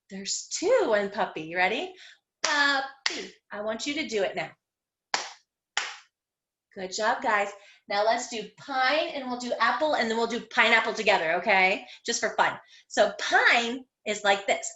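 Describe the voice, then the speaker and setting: A woman teaching young children an online phonics lesson, sounding out letters slowly in an encouraging, sing-song way. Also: a little high, big pitch swings, fairly bright tone, echoey room, a little hiss or hum. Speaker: kindergarten teacher. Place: home room.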